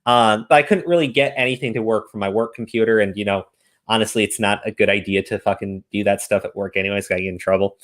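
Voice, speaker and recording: A man's voice: lowish voice, steady tone, fast, a bit bright. A man ranting profanely in casual stream commentary.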